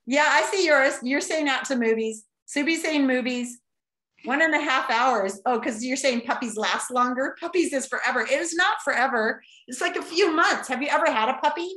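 A woman teacher running a playful class vote on a video call, animated, exclaiming and laughing often. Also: high voice, moderate pace, roomy sound.

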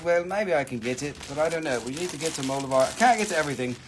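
Talking fast in a slightly high, animated voice over a noisy background, a man hosts a live-stream crystal sale. The chat is casual and full of swearing as he reads viewers' questions aloud and responds.

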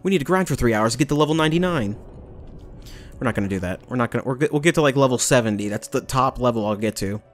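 A man's voice: medium pitch, animated, quick pace. Rambling young man commenting a game. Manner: rambling, jokey, swears, bursts into loud taunts. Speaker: gameplay commentator. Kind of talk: casual let's play commentary. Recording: faint game music behind.

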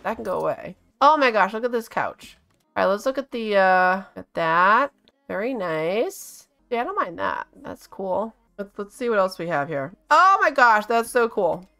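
A woman hosting a casual game video, gushing and excitable, often gasping and laughing as she talks. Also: medium pitch, moderate pace, faint music behind. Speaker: gaming channel host.

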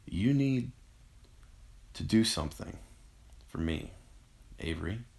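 Dying man, out of breath and straining for each word, read by a male narrator; low, rough edge. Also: drawn-out words, a little mellow, heavily acted. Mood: gasping, tender. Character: dying young man, gasping, tender.

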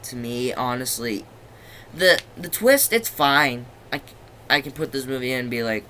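A young man talks through his review in a bright, forceful voice, rambling and swearing as he goes. He keeps losing his train of thought. A faint hiss of background noise sits under his voice. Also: mid-range voice, normal speed. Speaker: movie reviewer. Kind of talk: casual video review.

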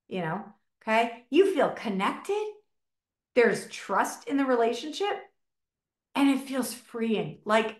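A middle-aged woman teaches a relationship masterclass in a chatty, unscripted way, full of fillers and quick acted-out exchanges. Her voice sits slightly high, and the room around her rings with noticeable echo. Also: big pitch swings. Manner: chatty, filler-heavy, acts out little dialogues. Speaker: relationship coach presenting a masterclass. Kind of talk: informal teaching talk. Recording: echoey room.

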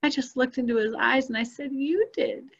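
A woman's voice: fairly high pitch, fairly even intonation, quick pace. Earnest woman on a muffled call. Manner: earnest, emotional retelling. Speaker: guest, spiritual coach. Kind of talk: casual personal storytelling.

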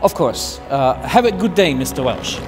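A man playing a nervous, soft-hearted airfield guard, stammering and emotional, in a live puppet show. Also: fairly high pitch, big pitch swings, normal speed, over music. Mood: anxious.

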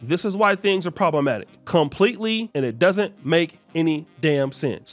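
A man's voice: sits high, fairly bright tone. A man hosting his own channel, delivering a heated, ranting opinion monologue with repeated emphatic lines. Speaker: commentary channel host.

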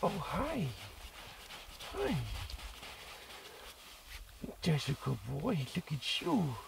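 A man's voice: sits high, wildly swooping pitch, drawn-out words, gravelly, background noise. A man vlogging while camping outdoors, talking in playful, cooing baby talk to his dogs in the morning.

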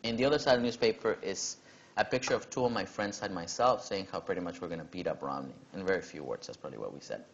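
A young man tells his own story to a conference audience in a loose, conversational way. His voice sits low, and he leans into the quoted exchanges with lively energy. The recording has a somewhat muffled, dull quality. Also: quick pace, creaky. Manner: casual, animated when quoting others, frequent "you know". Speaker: keynote speaker. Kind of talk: personal storytelling talk.

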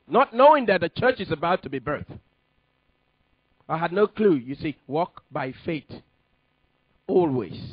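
A man preaching a sermon and telling his testimony, with emphatic delivery that rises to sudden loud peaks. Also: fairly high pitch, no room sound, dull audio. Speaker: pastor.

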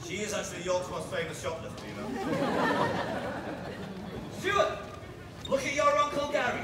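Man loudly teasing volunteers at a street show. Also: high-pitched, lively intonation, brisk, very noisy. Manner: loud, bossy and teasing with volunteers. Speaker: street performer. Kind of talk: crowd-work street show. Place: outdoor street with a crowd. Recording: distant echoey outdoor sound with loud crowd.

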